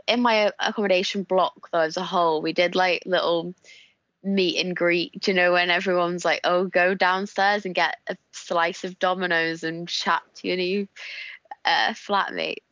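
A woman's voice: mid-range voice, fairly bright tone, no room sound, lo-fi sound. A woman in her twenties with a Wigan-area northern English accent, chatting casually as a podcast guest and often laughing as she tells stories. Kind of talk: casual chat.

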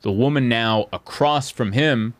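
A man co-hosting a podcast, telling a story in casual chat with an animated, jokey manner and quick acted-out quotes. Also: mid-range voice, dry recording.

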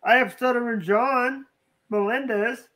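High-voiced stammering young man. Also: fairly even intonation, measured pace, sharp tone. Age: 20s. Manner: stammering, heated ranting. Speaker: guest. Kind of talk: casual livestream banter.

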